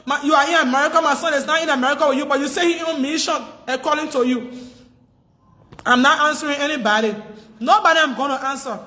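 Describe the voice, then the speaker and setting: A woman's voice: high-pitched, fast talker, pushed and bright, big-room sound. A Liberian woman making a distressed, tearful plea on a phone livestream, insisting again and again in a pleading tone. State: crying, distressed.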